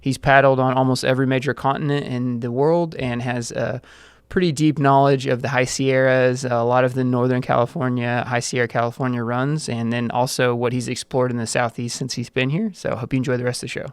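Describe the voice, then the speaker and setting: Smooth-voiced male podcast host. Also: mid-range voice, little pitch movement, fairly quick, dry recording, clean studio sound. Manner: loose, friendly questioning with fillers. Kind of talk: casual interview.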